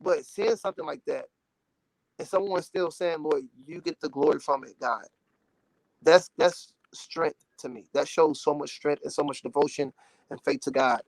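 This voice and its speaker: Young gospel artist, male, twenties, from Dallas; emotional, animated storyteller, slightly high pitch. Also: moderate pace, no room sound. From Dallas, Texas. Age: 20s. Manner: earnest and emotional, animated, many "you know"s. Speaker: gospel recording artist, interview guest. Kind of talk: casual interview talk.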